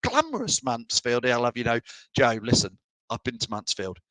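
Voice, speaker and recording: A man's voice: medium pitch, wildly swooping pitch, moderate pace, sharp tone, dry recording, rough recording. A middle-aged man from England hosting a live fan show, chatting and teasing as he reads out viewers' messages. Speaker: fan channel host. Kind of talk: live stream chat reading comments.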